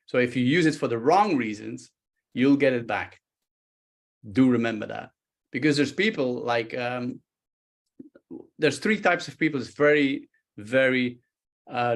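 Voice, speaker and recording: A man, a guest expert on a talk show, explaining body language with lively stories, acting out quoted speech and often restarting his sentences. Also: medium pitch. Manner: animated, acts out quoted speech, frequent restarts.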